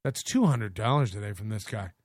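A man's voice: fairly low pitch, lively intonation, brisk, a little mellow, husky, no room sound, clean studio sound. A man hosting a livestream, ranting in a mock-serious, exaggerated way. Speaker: livestream host. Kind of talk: comic rant.

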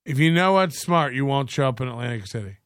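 Sardonic man with a bright, tense voice. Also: mid-range voice, expressive, fast, dry recording, studio quality. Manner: sardonic, mocking asides, reads chat comments aloud. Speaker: stream host reacting to clips. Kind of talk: casual live-stream commentary.

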